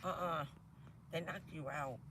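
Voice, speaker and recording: A woman with a hoarse, stuffy voice from a cold, chatting casually on a vanlife livestream from her van, laughing often and answering her viewers. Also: low-pitched, a little slow, noisy background. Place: inside a camper van.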